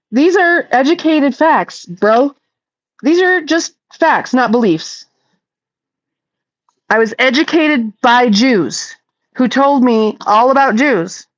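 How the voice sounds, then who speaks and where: Blunt, profane woman streamer, higher voice. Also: highs cut off. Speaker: livestream host reading viewer comments. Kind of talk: casual livestream chat.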